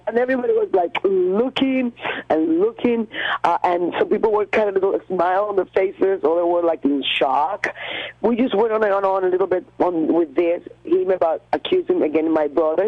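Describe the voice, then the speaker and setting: A woman from Cuba, a radio guest, recounting an encounter in an animated, halting way with many restarts and fillers. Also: lowish voice, breathy edge, no echo, phone-quality sound. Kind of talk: phone-in storytelling.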